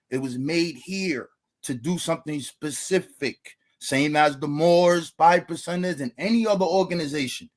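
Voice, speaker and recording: A man giving a debate opening statement, lecturing and asking rhetorical questions. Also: a little high.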